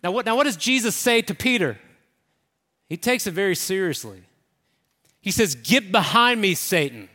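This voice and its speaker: Bright-voiced pastor preaching in an echoey hall. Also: male voice, high voice, expressive, normal speed, pauses often. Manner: conversational, emphatic, acts out quotes. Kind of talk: sermon.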